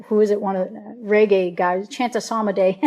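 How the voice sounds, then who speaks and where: A woman's voice: medium pitch, fairly even intonation, moderate pace, gravelly, dark tone. A woman telling her story as an interview guest in casual, earnest, rambling speech, often breaking into quoted dialogue. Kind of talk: casual spoken testimony.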